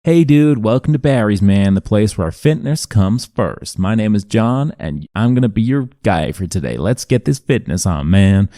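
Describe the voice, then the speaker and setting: A man's voice: lowish voice, lively intonation, normal speed, few pauses, warm tone, no room sound, clean studio sound, pitched above the performer's own voice. A man putting on an over-the-top, salesy gym receptionist full of bro talk, while walking outdoors. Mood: hyped. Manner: hyped, salesy, bro-ish.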